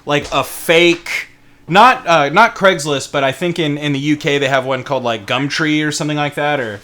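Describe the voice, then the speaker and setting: A man co-hosting a casual tech podcast, jokey and quick, laughing often as he talks. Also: a little high, pushed and bright. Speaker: podcast co-host. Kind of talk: casual chat.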